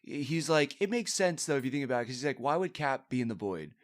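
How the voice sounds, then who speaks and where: A man's voice: mid-range voice, lively intonation, fast talker. A man co-hosting a casual movie podcast, rambling and breaking off his sentences with many fillers. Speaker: podcast co-host.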